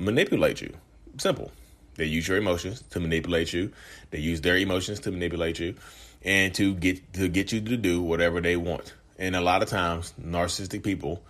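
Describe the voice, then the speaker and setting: Brief: man, low voice, loose conversational vlog host, chatty asides to his audience. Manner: rambling, conversational, frequent restarts and asides to viewers. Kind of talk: casual talk to camera.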